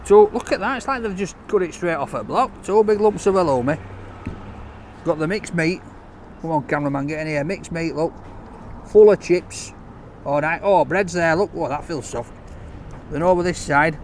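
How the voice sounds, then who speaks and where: Male food vlogger, jokey and upbeat, slightly high voice, recorded outdoors. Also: a little hiss or hum. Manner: chatty, enthusiastic, jokey. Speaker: takeaway reviewer. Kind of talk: casual food review vlog.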